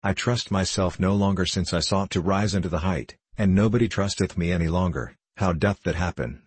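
A man's voice: low-pitched, fairly quick, breathy edge, no echo. A man reading as a despairing young man. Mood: anguished. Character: troubled despairing young man, anguished and restless.

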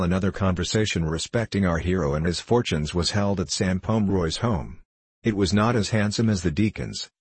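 A man reading a classic novel aloud as steady, even narration. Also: deep voice, slightly rough, dry recording. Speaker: audiobook reader.

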